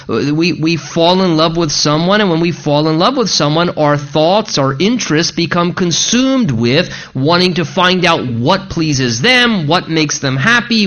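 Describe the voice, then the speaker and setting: A male pastor preaching an expository sermon, slowing down deliberately when he reads scripture aloud. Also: a little high, fairly bright tone, muffled recording. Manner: slows to read scripture aloud.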